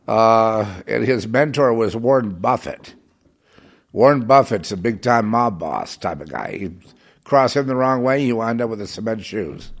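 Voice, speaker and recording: A man delivering a heated, rambling monologue as a self-styled prophetic broadcaster, swinging between loud outbursts and muttered asides. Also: medium pitch. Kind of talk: agitated monologue.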